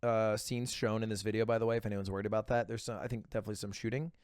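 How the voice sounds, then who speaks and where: A man's voice: on the low side, little pitch movement, very fast, darkish tone, clear, resonant tone, no room sound, studio quality. A man streaming from home who chats casually and rambles while joking, trailing off with little filler noises. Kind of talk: casual chat reacting to videos.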